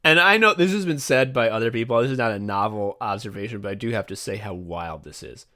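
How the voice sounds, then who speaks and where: A man co-hosting a podcast in casual chat, animated, laughing often and swearing a lot. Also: lowish voice, fast talker. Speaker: podcast co-host.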